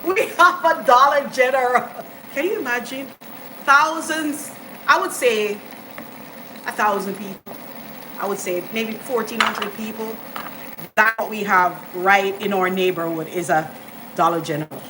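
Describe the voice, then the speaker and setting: A woman's voice: mid-range voice, measured pace, long pauses, pushed and bright, low-quality recording. A woman hosting a live cooking stream, chatting enthusiastically with viewers as she adds ingredients in her home kitchen. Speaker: cooking channel host. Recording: home kitchen noise with sizzling pan. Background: frying and sizzling food.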